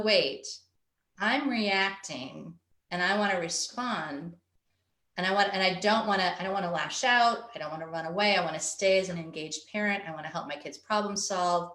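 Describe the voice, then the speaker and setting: A woman's voice: fairly low pitch, a bit bright, echoey room. A woman parenting coach giving an earnest webinar talk over a video call, often acting out a stressed parent's inner thoughts. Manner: earnest, explanatory, acts out quoted parent thoughts. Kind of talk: webinar presentation.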